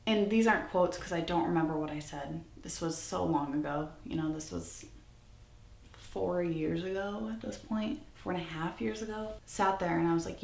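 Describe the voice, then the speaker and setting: A young woman in her twenties tells a personal story to camera, candid and rambling as she restarts her sentences. Her voice has a gravelly fry. The recording sounds roomy and echoey. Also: on the low side, normal speed, darkish tone. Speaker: vlogger. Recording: echoey room.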